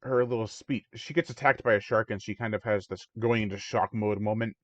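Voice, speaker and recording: A man's voice: lowish voice, steady tone, a little fast, dry recording. A man hosting his own channel, giving a rambling, casual spoken review of a film and often mimicking the characters. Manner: rambling, chatty, mock voices for characters. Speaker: movie reviewer, channel host. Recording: dull lo-fi dry recording.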